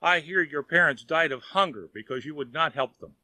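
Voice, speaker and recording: A man voicing a wise male fairy who scolds and teases gently, in a children's audiobook. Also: fairly high pitch, lively intonation, moderate pace, no room sound. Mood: stern. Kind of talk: audiobook character voice.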